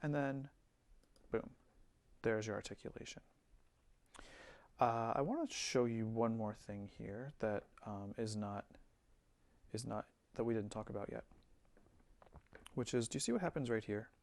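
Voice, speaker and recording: A man giving a relaxed screen-recorded music software tutorial, thinking aloud with fillers as he works. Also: fairly low pitch, measured pace, pauses often, dry recording. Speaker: music teacher.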